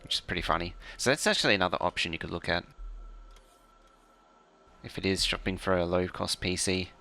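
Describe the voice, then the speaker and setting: A man's voice: low-pitched, brisk, vocal fry, bright, forceful tone. A man casually commentating while he plays, muttering to himself and now and then making playful mouth sound effects. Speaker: game streamer. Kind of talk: casual live-stream commentary.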